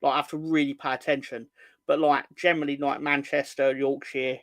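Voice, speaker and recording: A man's voice: medium pitch, flat delivery, brisk, fairly bright tone, dry recording. A man, co-hosting a casual podcast, rambling, swearing freely and slipping into mocking impressions. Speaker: co-host.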